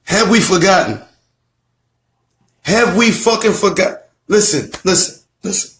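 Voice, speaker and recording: A man's voice: high voice, a little slow, fairly bright tone. A man giving a fiery, profane online lecture, preachy and emphatic, repeating lines and firing off rhetorical questions. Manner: swears a lot, calls out rhetorical questions. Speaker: self-styled teacher presenting his theory.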